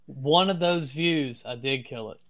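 Man, strong Southern accent, casual storyteller, easygoing, swears a lot, middle pitch. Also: unhurried, a bit bright. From Florida. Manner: laid-back, swears freely. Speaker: podcast guest.

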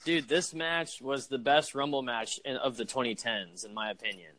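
A man's voice: medium pitch, normal speed, bright, forceful tone. A young man co-hosting a casual podcast chat, enthusiastic and peppering his talk with "dude" and "man". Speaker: podcast co-host.

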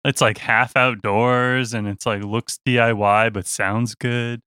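Young man, touring musician, animated storyteller, bright tone, dry close sound. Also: medium pitch, slow pace, clean tone, no echo. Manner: animated, laughing, full of restarts. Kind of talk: casual storytelling.

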